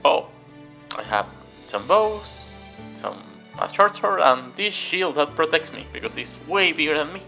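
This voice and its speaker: Gravelly bright-toned man at a game table. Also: on the high side, animated, measured pace, soft background music. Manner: hesitant, stammers. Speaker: player. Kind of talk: casual chat at a tabletop game.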